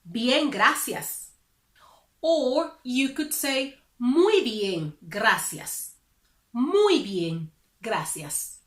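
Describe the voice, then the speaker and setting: Bright, lively woman Spanish teacher. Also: sits high, echoey room. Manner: upbeat, careful, explains slowly. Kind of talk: beginner language lesson.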